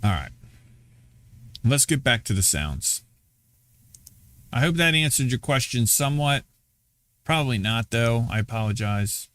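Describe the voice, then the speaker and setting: A man's voice: medium pitch, expressive, unhurried, pauses often, fairly bright tone, no echo. A middle-aged man hosting a casual livestream, talking to himself offhandedly while he tweaks his audio settings. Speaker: livestream host.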